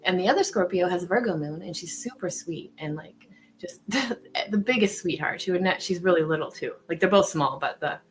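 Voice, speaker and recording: A woman in casual chat, talking in an animated way, full of "like" and swearing. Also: fairly low pitch, fairly quick, a little hiss or hum, poor audio. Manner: chatty, animated, sprinkles in "like" and swearing.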